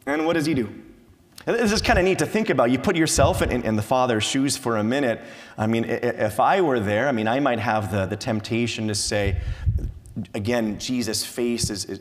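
A middle-aged man preaching a sermon as pastor, lively with many repeated words and fillers. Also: mid-range voice. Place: church sanctuary. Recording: long church reverb.

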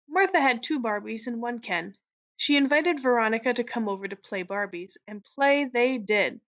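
A woman teacher reading a story aloud to students at a steady, clear pace. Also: medium pitch, highs cut off. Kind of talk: read-aloud story narration.

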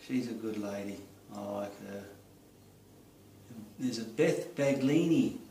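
A man with an Australian accent, casually greeting friends in a friendly, unhurried way while he paints. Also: on the low side, dark tone. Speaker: artist vlogger. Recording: roomy echo, distant mic.

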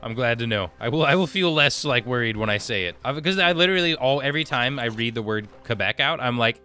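Reading out his chat during a casual gaming live stream, this US streamer talks fast with few pauses. His mid-range voice is bright and forceful, and soft music plays behind him.

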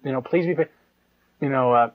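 A man giving a live sermon in a conversational, animated way, with mocking asides and chuckles. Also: medium pitch, brisk. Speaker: preacher. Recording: dull lo-fi live tape.

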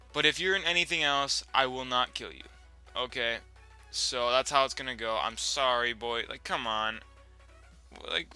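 A young man talks through his gameplay in a casual, foul-mouthed way, his voice very bright and edgy. His pitch sits in a normal middle range, and he bursts into loud yells at bad moments. Faint music plays underneath. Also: clear, resonant tone. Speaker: gaming channel host. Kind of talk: gameplay commentary.

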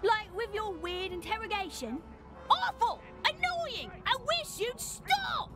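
A woman's voice: very high-pitched, expressive, slow pace, loud music behind the voice, exaggerated voice. A woman voicing a hostile, foul-mouthed alien city dweller in a video game, snapping and swearing irritably. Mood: exasperated.

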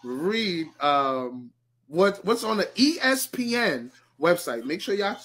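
A man co-hosting a casual podcast, animated and talking in quick bursts. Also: high-pitched. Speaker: podcast co-host.

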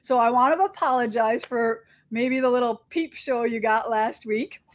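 A woman's voice: fairly high pitch, moderate pace. A middle-aged woman who owns a quilting shop, talking frankly and chattily to her viewers and acting out little back-and-forth exchanges. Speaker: quilting shop owner and host. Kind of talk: casual direct address to viewers.

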